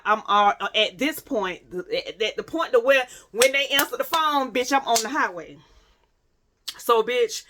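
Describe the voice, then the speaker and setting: A woman talks straight to her viewers in a casual storytime, her bright voice full of profanity. She repeats phrases for emphasis and holds dramatic pauses. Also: medium pitch, a little hiss or hum. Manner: addresses listeners directly, dramatic pauses. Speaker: vlogger telling a story.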